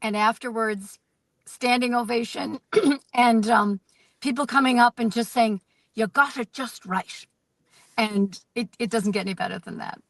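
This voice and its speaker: An American woman who tells her stories with animated energy and self-deprecating humor, speaking in a fairly high voice. The sound is dry and close, with very little room echo. She is the guest in a casual interview. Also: moderate pace, creaky. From United States. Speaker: guest performer. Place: outdoors in a parked car.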